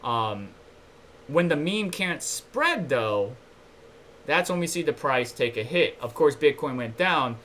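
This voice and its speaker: A man's voice: on the high side, expressive, takes it slowly, fairly bright tone, slight background noise. A man hosting a casual crypto news livestream, reading articles aloud and chatting loosely with viewers between them. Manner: chatty and loose, asides to viewers, reads articles then comments.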